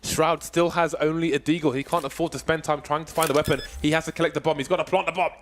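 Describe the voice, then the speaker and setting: A man's voice: fairly high pitch, fairly even intonation, quick pace, a little hiss or hum. A man giving live esports color commentary, playful and joking, stretching out words for emphasis.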